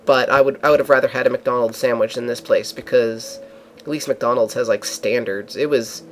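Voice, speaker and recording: Male vlogger, mid-pitch, casual rambling storyteller. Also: steady tone, normal speed, slight background noise. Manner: rambling, with many fillers and restarts.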